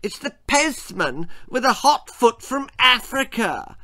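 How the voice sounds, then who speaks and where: A man voicing a spoiled, demanding rich young boy in a storybook reading, with a high, whiny voice. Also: sing-song, a little slow, a bit bright, exaggerated voice. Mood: wheedling.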